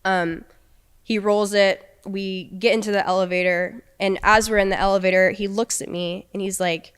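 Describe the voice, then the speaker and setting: Young woman, podcast guest, casual storytelling, quotes dialogue, clear smooth voice. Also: mid-range voice, fairly even intonation, moderate pace.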